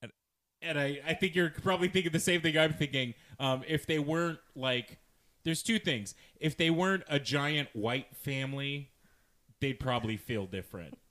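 A man's voice: on the high side, normal speed, a bit bright. A man co-hosting a podcast in casual chat, easygoing and laughing along, playfully arguing his points. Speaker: podcast co-host.

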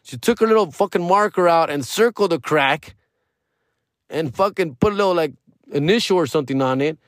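Male podcast host, casual storyteller with a profane, animated delivery, close dry mic. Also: a little high, fairly quick, no room sound. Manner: profane, animated retelling with quoted dialogue.

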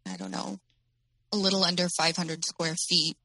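A woman telling her own story as an interview guest, in a halting way with many fillers. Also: on the low side, big pitch swings, vocal fry, sharp tone, dry recording, rough recording.

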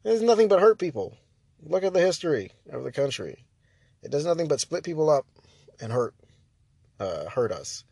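Casual American male ranter, slightly high voice, rambling and exasperated, dry close recording. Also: expressive, fast talker, vocal fry, mellow, breathy edge, no echo. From United States. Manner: rambling, frequent restarts and fillers, exasperated. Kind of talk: casual opinion rant.

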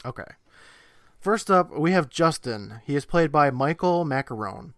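A man in his thirties co-hosting a casual podcast, recapping an episode in a relaxed storytelling way. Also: a little high, normal speed, dry recording, studio quality. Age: 30s. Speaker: podcast co-host.

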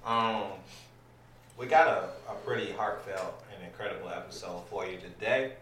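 A man's voice: lowish voice, moderate pace, fairly bright tone. A man hosting a casual podcast, talking loosely with lots of ums, restarts and swearing. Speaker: podcast host. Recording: echoey room, mic at a distance, faint noise.

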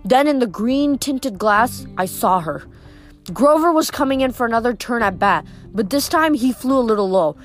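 A woman reading a novel aloud in steady storytelling narration. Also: a little high, normal speed, soft background music. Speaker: reader.

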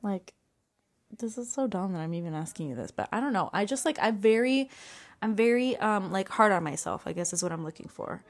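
A woman's voice: medium pitch, animated, a little fast. A young woman hosting a podcast, rambling casually and self-consciously, full of likes and restarts. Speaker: podcast host.

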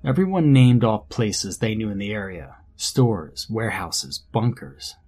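A man narrating a first-person horror story in a measured, grim storytelling manner. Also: fairly low pitch, animated, a little mellow, husky. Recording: faint background music under narration.

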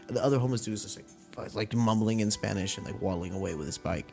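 Profane, animated young man telling stories. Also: lowish voice, rapid-fire, vocal fry, few pauses, soft background music. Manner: profane, animated retelling with acted-out quotes. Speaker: podcast host. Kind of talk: casual storytelling rant.

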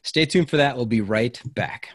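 A man's voice: mid-range voice, moderate pace. A man hosting a podcast interview, asking questions in a friendly, joking way and playing along with his guest. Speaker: podcast host. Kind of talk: casual interview chat.

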